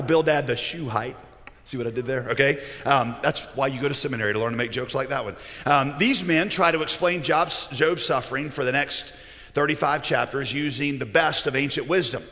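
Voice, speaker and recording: A man preaches a sermon, weaving in stories and jokes. His voice is bright and a little high. Long reverb from a large hall trails behind every phrase. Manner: storytelling, joking.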